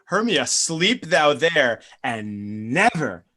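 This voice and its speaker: A man playing a lovesick young nobleman in a Shakespeare reading, swinging between soft pleading and loud passion. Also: on the high side, sing-song, slow, heavily acted. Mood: ardent. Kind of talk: Shakespeare stage reading over video call.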